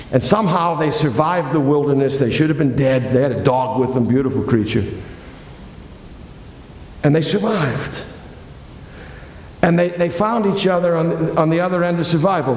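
A man's voice: a little high, darkish tone, slight background noise. A male pastor preaching a sermon, chatty and digressive, with asides and restarts, recorded in a church sanctuary. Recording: echoey hall with long reverb.

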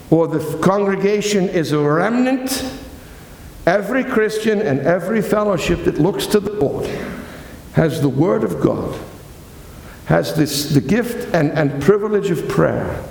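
A man's voice: high voice, gravelly, darkish tone, slight background noise. A male pastor preaching a sermon, chatty and digressive, with asides and restarts, recorded in a church sanctuary. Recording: echoey hall with long reverb.

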